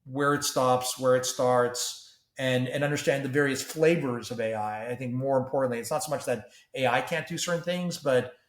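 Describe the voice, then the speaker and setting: On a podcast, a Canadian man who is a tech company CEO speaks animatedly and conversationally, frequently restarting and repeating words. His pitch is medium, his pace moderate, and the sound roomy.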